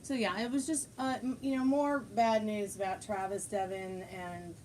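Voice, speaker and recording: A woman's voice: medium pitch, steady tone, normal speed, a little mellow, a little hiss or hum, rough recording. Rambling woman chatting on a livestream. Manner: rambling, full of fillers and restarts. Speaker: livestream host. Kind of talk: casual livestream chat with viewers.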